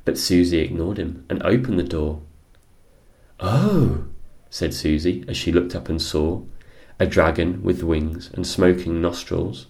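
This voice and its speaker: A man reading a children's picture book aloud, unhurried and expressive. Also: low voice. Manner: unhurried, expressive, sing-song storytelling. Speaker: storyteller.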